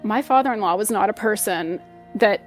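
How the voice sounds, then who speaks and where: A woman's voice: mid-range voice, moderate pace, faint music behind. Hesitant woman telling a hard story. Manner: hesitant, repeating words as she restarts. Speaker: interview guest. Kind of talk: emotional personal account.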